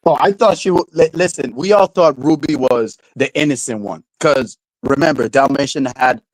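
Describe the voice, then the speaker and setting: A man's voice: mid-range voice, moderate pace, no room sound, poor audio. A man hosting a casual livestream chat, talking loosely in slang and laughing often. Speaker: livestream host.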